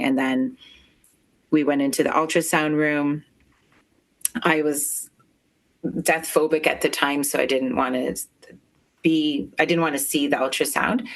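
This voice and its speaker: A woman telling a painful personal story as an interview guest, halting and emotional, with many filler words. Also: sits low, gravelly.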